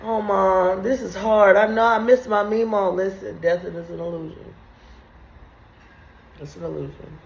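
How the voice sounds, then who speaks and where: A woman's voice: mid-range voice, fairly even intonation, a little slow, creaky. A woman hosting a video, riffing on scripture in crude comedic commentary and laughing often through her words. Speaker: video host. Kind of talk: profane comedic Bible commentary. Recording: roomy echo.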